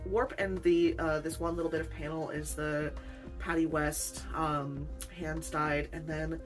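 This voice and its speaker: Low-voiced woman host, chatty and rambling, casual home vlog. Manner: chatty, rambling, self-deprecating, laughs often. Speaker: weaver, channel host.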